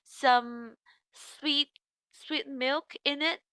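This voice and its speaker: A woman teaching English, acting out an ordering role-play with a student in a slow, drawn-out, encouraging way. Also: high-pitched, steady tone, sharp tone, dry recording.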